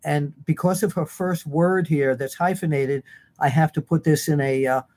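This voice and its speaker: Male host, gushing and chatty, slightly high voice. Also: steady tone, moderate pace, a little mellow. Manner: effusive and chatty. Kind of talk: casual chat.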